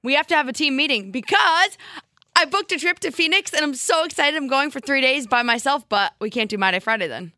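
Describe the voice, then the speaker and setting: A woman from New Jersey co-hosts a podcast in easy casual chat, teasing her partner and laughing often. Her voice is bright and swings widely in pitch. The sound is dry and close, with no room around it. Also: lively intonation, a little fast, no echo. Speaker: podcast co-host.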